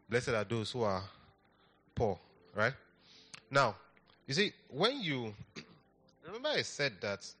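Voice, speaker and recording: With a medium-pitched voice that sounds pushed and bright, a pastor preaches in church. He repeats phrases and coaxes the congregation to respond.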